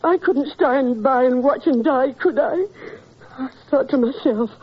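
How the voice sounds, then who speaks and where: A woman's voice: high voice, unhurried, husky. An actress playing a tearful, anxious landlady in a 1940s radio drama, pleading and stammering. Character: tearful, anxious landlady, middle-aged woman. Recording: dull lo-fi old radio recording.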